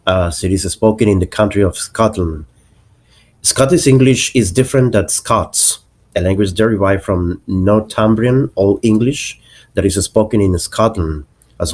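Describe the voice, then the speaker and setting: A man narrating a lesson on English accents, explaining slowly and deliberately and spelling out example words. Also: lowish voice, darkish tone.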